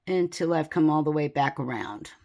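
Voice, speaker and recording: A woman with a low, deep speaking voice walks through a beading tutorial at an unhurried pace. She stays calm and methodical, counting beads aloud and describing each stitch as she goes. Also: vocal fry. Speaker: beading instructor. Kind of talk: step-by-step craft tutorial.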